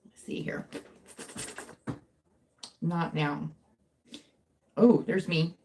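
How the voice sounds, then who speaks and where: A woman's voice: deep voice, fairly even intonation, drawn-out words, vocal fry, mellow, a little hiss or hum. A young woman hosting a casual livestream, chatting in a rambling, self-interrupting way while she crafts at home. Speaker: livestream host. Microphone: phone mic.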